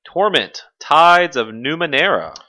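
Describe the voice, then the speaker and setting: A man's voice: on the high side, big pitch swings, measured pace, bright, forceful tone. A man hosting a casual games podcast, talking loosely, swearing and laughing often. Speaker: podcast host. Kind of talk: casual chat.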